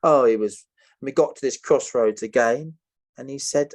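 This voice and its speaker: Speaking at normal speed in a mid-range voice, this podcast guest relates a story energetically. He frequently laughs and mimics the voices of the people involved.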